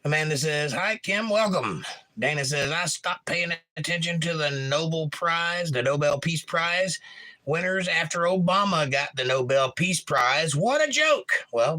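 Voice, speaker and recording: Guy hosting a live stream, reads chat out loud, dry jokes, kinda high bright voice. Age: young adult. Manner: reads chat messages aloud with wry asides. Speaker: livestream host reading chat. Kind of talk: casual chat.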